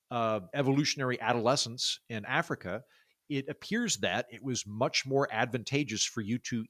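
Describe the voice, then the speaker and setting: A man from Oklahoma with a baritone voice, talking casually as a podcast guest, with lots of fillers and restarts. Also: a bit bright, dry recording, studio quality. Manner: chatty, many fillers and restarts. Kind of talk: casual interview talk.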